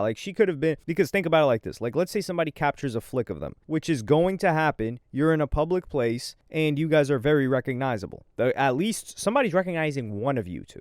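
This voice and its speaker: A man giving rambling, slangy reaction commentary in an animated way. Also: mid-range voice, dry recording, studio quality. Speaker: streamer commentator.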